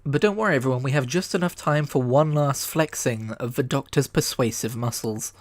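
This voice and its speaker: A man's voice: medium pitch, brisk, no echo. A man reviewing an old television serial in casual commentary, jokey and self-deprecating, with a habit of swearing. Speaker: video reviewer.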